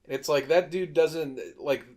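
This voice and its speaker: A man co-hosting a casual movie-review podcast, telling scenes in lively detail and swearing freely. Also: fairly high pitch, moderate pace. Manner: animated storyteller, swears freely. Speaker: podcast co-host.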